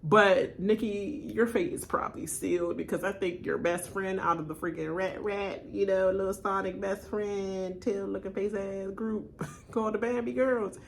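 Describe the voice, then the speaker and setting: A woman at mid pitch hosts a casual reaction video. She talks bluntly and laughs a lot as she goes. Her delivery jumps between loud, animated outbursts and low asides. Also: moderate pace, vocal fry, slight background noise. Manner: animated, laughs often, blunt trash talk. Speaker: reaction channel host.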